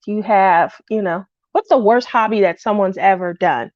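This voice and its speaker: A middle-aged woman hosting a craft livestream, talking casually and in a rambling way, feeling low and lonely, greeting viewers by name. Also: moderate pace, darkish tone, no echo, muffled recording.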